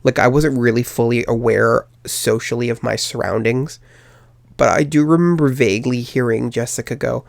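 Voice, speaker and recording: A young man tells a personal story on his podcast, rambling and circling back with frequent fillers and restarts. His voice carries a steady vocal fry at a middle pitch. The sound is dry and close, with no room around it. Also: normal speed, no echo. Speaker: podcast host.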